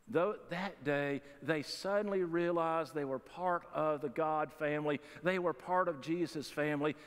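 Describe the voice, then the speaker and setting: Folksy preacher in a reverberant church. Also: male voice, fairly high pitch, fairly bright tone, smooth. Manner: folksy, conversational preaching with humorous asides. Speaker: pastor. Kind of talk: sermon. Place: church sanctuary. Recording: long reverb of a church hall.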